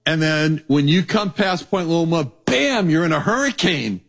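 Middle-aged male preacher, slightly high voice, animated storyteller who acts out the voices in his sermon. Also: unhurried.

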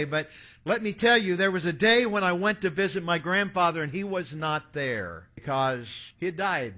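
Earnest preacher in his sixties, bright voice. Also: high-pitched, normal speed. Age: 60s. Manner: earnest storytelling preacher, reading scripture aloud. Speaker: pastor. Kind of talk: sermon.

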